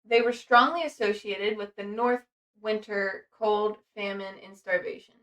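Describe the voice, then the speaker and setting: A woman's voice: mid-range voice, steady tone, unhurried, a bit bright. A young adult woman hosting a podcast, reading from notes in a rambling casual way, swearing freely and using many fillers. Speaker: podcast host. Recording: voice distant from the mic.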